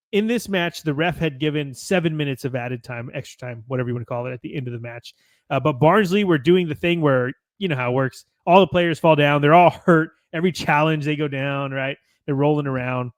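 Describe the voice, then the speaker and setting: A man's voice: fairly high pitch, no echo. An American man hosting a podcast, reading match results from notes with chatty asides and self-corrections. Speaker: podcast host.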